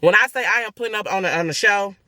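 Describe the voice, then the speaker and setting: A young woman, telling viewers an emotional personal story in a blunt, animated, profane way. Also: medium pitch, fast talker, no room sound, studio quality. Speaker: family vlogger.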